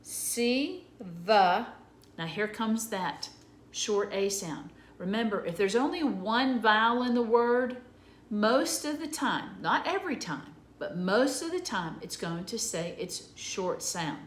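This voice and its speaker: A woman teacher sounding out letters slowly and patiently for young children in an early reading lesson. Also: mid-range voice, animated, reverberant.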